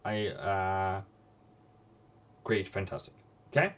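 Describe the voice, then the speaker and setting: A man's voice: low voice, slow pace, a bit bright. Blunt, scolding man hosting live trading. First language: Norwegian. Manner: blunt, scolding, repeats phrases for emphasis. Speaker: forex trading livestream host.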